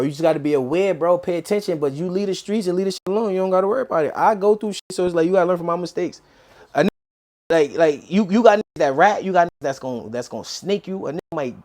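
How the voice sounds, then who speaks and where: A man telling a story in casual street slang, acting out quoted lines as he goes. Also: sits high. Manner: animated street slang, quick quoted dialogue. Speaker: interview guest.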